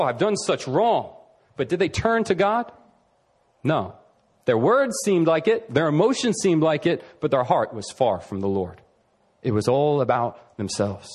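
Male preacher, husky voice, swinging pitch, emphatic sermon delivery with slowed key phrases.

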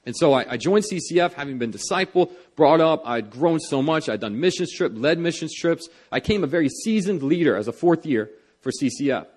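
A young man delivering a sermon, earnest and conversational, circling back with fillers and restarts as he talks. His voice sits a little high for a man. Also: animated, a little fast, hardly any pauses, darkish tone, husky. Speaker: pastor.

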